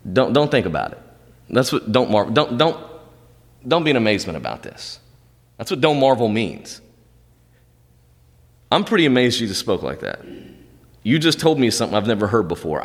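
Male pastor, sermon delivery, very animated pitch, long church reverb. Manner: animated preaching, pitch jumping high on emphasis. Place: church sanctuary.

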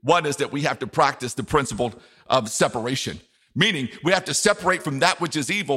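A man's voice: mid-range voice, brisk, sharp tone, husky, in a large hall. A man preaching a sermon as pastor, speaking emphatically and repeating key phrases.

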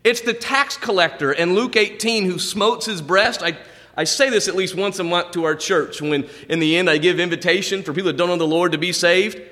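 A man preaching a sermon as a pastor, his voice jumping up on emphasis and dropping low on quiet asides. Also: brisk. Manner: animated preaching, pitch jumping high on emphasis. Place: church sanctuary. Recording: long hall reverb.

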